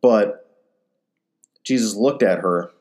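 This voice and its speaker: A man's voice: fairly low pitch, takes it slowly. A man giving a conversational sermon, retelling gospel stories in a casual way and acting out the quotes. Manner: animated, acts out quotes, casual fillers. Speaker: ministry speaker.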